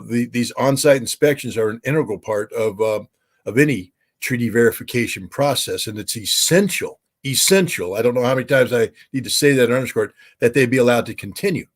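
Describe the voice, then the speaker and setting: A man who used to be a weapons inspector, talking as an interview guest in an emphatic way, with many uh and um fillers. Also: fairly low pitch. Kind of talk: casual interview talk.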